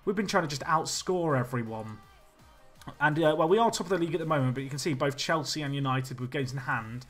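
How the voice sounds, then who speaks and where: A man's voice: on the high side, quick pace, a bit bright, soft background music. A young man chatting animatedly as he streams a football management game and talks to his chat. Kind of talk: casual game commentary.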